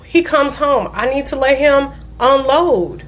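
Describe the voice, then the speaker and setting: A woman's voice: high voice, measured pace. A woman, a diabetes life coach, giving an earnest personal talk and telling a family story with emphasis.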